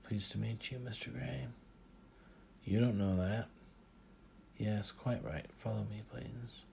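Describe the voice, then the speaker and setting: A bookish security chief speaks softly in a posh English accent, as a man narrating puts him on. His tone is low and gravelly, unhurried and courteous. It plays as a storybook character in a quiet office. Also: a little hiss or hum, full character voice. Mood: polite.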